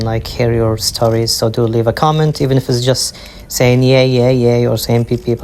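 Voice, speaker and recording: A man's voice: mid-range voice, vocal fry, darkish tone, a little hiss or hum. A man chatting playfully and cheekily about his crafts at home, rambling as he works. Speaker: craft vlogger. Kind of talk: casual chatty narration over crafting.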